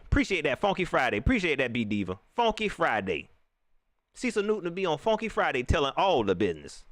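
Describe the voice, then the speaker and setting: Animated man ranting on a live stream. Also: fairly high pitch, brisk, no echo. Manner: animated, ranting, talks straight to viewers. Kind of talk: live reaction stream commentary.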